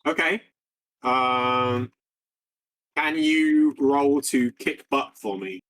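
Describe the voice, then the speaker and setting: A man's voice: mid-range voice, drawn-out words, a bit bright. A man narrating a tabletop game as game master, rambling along with many fillers and restarts.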